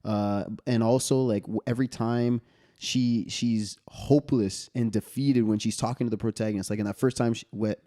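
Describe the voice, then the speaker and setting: Mellow-voiced man in casual film chat. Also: mid-range voice, steady tone, moderate pace. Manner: thoughtful, restarts often while explaining. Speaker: podcast co-host.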